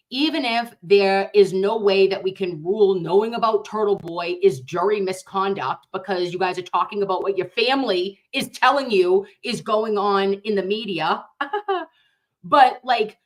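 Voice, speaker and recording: A young woman hosting a casual reaction commentary, emphatic and animated, talking straight to her viewers. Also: mid-range voice, normal speed. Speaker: commentary host.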